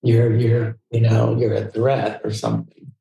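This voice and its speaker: A man guest in an interview, telling a personal story in fast, tumbling anecdotes full of restarts. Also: medium pitch, flat delivery, gravelly, warm tone, muffled recording. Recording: roomy echo.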